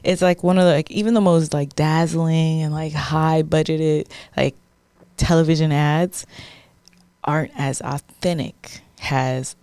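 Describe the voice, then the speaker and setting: A woman's voice: sits low, steady tone, measured pace, darkish tone, clear, resonant tone, dry recording. A woman co-hosting a podcast in casual chat, talking animatedly and leaning on "like" and "you know what I mean". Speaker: podcast co-host.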